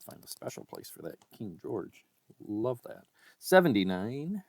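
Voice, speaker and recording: A man vlogging a coin roll hunt, reading out dates one by one in a casual murmur and breaking into excited exclamations. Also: on the low side, unhurried, vocal fry, dry recording. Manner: reads dates aloud one by one, often quietly, with excited exclamations. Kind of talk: casual commentary while sorting coins.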